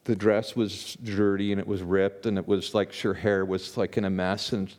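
Conversational low-voiced male pastor preaching. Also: flat delivery, normal speed, a little mellow. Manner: conversational, repeats words and restarts often. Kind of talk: sermon.

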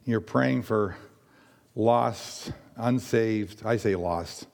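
An older man from Nova Scotia with a raspy voice, giving a rambling personal testimony to a church congregation with many fillers and restarts. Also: on the low side, drawn-out words, a little mellow, long reverb tail.

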